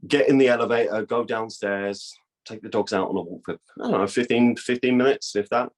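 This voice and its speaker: A man's voice: on the low side, fairly quick. A young man telling a long story in casual, profane talk, acting out the voices of people in it. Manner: profane, animated, acts out quoted dialogue. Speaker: guest.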